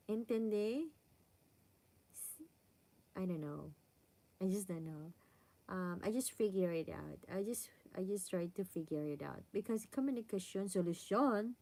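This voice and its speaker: Slow-talking Filipino woman chatting live. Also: medium pitch, darkish tone. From Philippines. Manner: rambling, mixes English with Tagalog and Spanish words. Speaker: vlogger chatting with live viewers. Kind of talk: casual live-stream chat.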